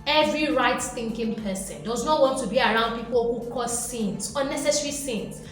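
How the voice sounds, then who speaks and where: A woman giving a motivational talk with a fairly high voice, animated and lecturing. She slips into acted-out voices as she goes. The sound is very echoey, with faint music underneath. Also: moderate pace. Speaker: motivational vlogger.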